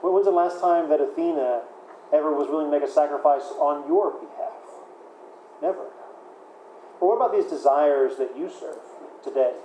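A man's voice: on the high side, moderate pace, pauses often, dark tone, reverberant, a little hiss or hum, poor audio. A man preaching a sermon in a conversational way, often repeating words and using fillers. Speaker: pastor.

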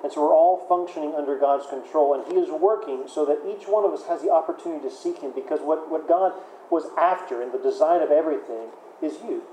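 A man's voice: a little high, fast talker, warm tone, reverberant, a little hiss or hum, poor audio. A man preaching a sermon in a conversational way, often repeating words and using fillers. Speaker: pastor.

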